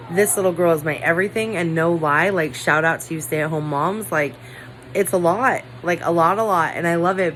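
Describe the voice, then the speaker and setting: A woman's voice: lowish voice, a bit bright, a little hiss or hum, poor audio. A woman vlogging at home into her camera, a mother chatting casually and rambling with lots of "like" fillers. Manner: rambling, heavy use of "like" fillers.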